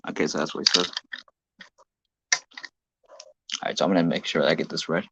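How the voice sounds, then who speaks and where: Deep gravelly man rambling on stream. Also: fairly even intonation, a little fast, very noisy. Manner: rambling, self-correcting. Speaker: hobby toy-train filmmaker. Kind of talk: casual live-stream commentary. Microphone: phone. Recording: dull lo-fi phone audio.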